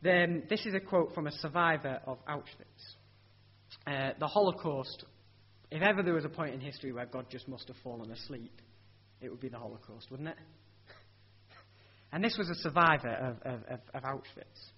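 On a dull, lo-fi recording, a man with a mid-range, slightly rough voice preaches at normal speed. His sermon is earnest and conversational, full of rhetorical questions and frequent sentence restarts.

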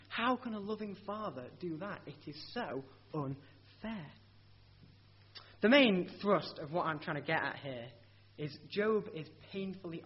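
In this dull lo-fi recording, a husky male voice pitched somewhat high delivers a sermon. His style is earnest and chatty, full of rhetorical questions and restarted sentences.

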